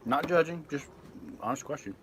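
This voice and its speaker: A man with a fairly high voice talks at normal speed as he reads viewers' comments on a live stream from his boat. His chat is casual and rambling, full of self-corrections, with background noise present.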